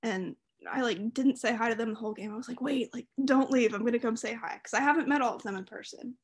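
A woman's voice: on the high side, fast talker, husky. Giggly woman telling a story. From Southern United States. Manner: animated storyteller, laughs often, many fillers. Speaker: podcast co-host. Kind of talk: casual chat.

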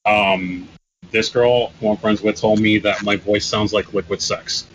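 Smooth low-voiced guy joking around on a podcast. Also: level tone, a little slow, a bit bright, slight background noise, poor audio. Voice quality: smooth, buttery voice. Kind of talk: casual chat.

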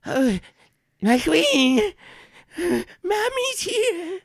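Shrill groveling goblin king. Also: sing-song, extremely slow, vocal fry, dry recording, studio quality, heavily acted. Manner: shrill, squealing, wheedling. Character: fawning male goblin king, groveling and lustful.

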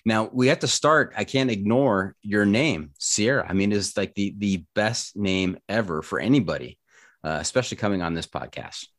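Low-voiced male podcast host, dry sound. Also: lively intonation, moderate pace, dry recording. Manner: joking, chatty, stumbles over words. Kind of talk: casual interview.

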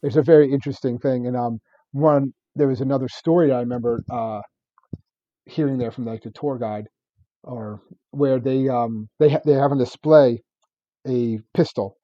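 A man's voice: medium pitch, fairly even intonation, normal speed, no echo, lo-fi sound. A man co-hosting a podcast, telling stories in rambling casual chat with many restarts and laughs. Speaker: podcast co-host.

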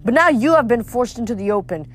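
A woman's voice: fairly high pitch, lively intonation, fast. A woman doing a bellowing underworld god. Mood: menacing. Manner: bellowing, aggrieved and threatening. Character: angry male god of the underworld, imperious.

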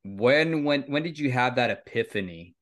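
A man's voice: mid-range voice, animated, moderate pace, fairly bright tone. A man hosting a podcast, asking questions in an encouraging, conversational way. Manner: encouraging, backchannels often. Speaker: podcast host. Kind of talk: conversational interview.

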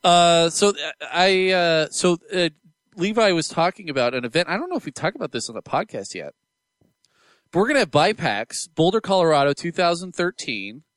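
A young adult man hosting a casual podcast, excitable and quick to laugh. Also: fairly high pitch, dry recording, clean studio sound. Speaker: podcast host.

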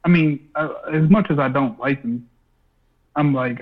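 A man's voice: mid-range voice, unhurried. A man chatting casually in a laid-back, blunt way, with casual swearing. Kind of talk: casual chat. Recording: phone-like line.

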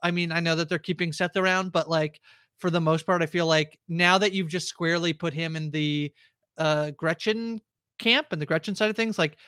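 A man's voice: fairly high pitch, fairly even intonation, normal speed, sharp tone, clear, resonant tone, dry recording, clean studio sound. A man co-hosting a TV recap podcast in casual chat, rambling with many fillers and restarts. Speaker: podcast co-host.

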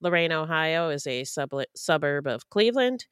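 A woman co-hosting a true-crime podcast, calmly reading out the facts. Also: low voice, normal speed, smooth, dry recording, clean studio sound. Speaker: podcast co-host.

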